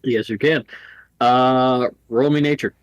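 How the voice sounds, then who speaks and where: A man running a tabletop game as game master, playful and quick to laugh. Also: mid-range voice, fairly even intonation, smooth, no room sound, lo-fi sound. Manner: playful, laughs between lines, does character voices.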